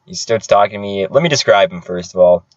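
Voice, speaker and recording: A man's voice: on the low side, fast, no room sound. A young man co-hosting a casual podcast, telling a loose story full of "like". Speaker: podcast co-host. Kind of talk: casual chat. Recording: dull lo-fi audio.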